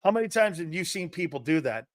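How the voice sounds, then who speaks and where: A man hosting a sports talk show fires back at viewers' comments bluntly and combatively, swearing freely and scoffing at soft opinions. His voice is a little high for a man, expressive, and quick-paced. The sound is dry and close with no room echo.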